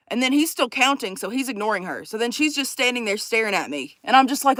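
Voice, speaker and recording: A woman telling a profane, animated story to her vlog audience, acting out the people in it. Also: on the high side, quick pace, hardly any pauses, no room sound. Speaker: vlogger. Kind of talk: casual storytime chat.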